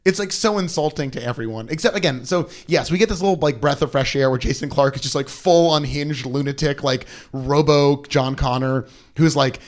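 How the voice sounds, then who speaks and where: A young man with a fairly high voice co-hosts a comedy podcast. He riffs sarcastically and swears freely, in a loose, animated chat. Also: fairly quick, few pauses. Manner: sarcastic, profane, animated riffing. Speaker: podcast co-host. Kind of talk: casual comedic movie chat.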